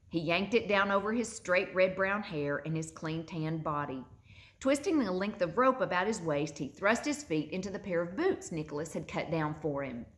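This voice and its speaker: A woman reading a children's story aloud with gentle expression. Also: on the low side. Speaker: narrator.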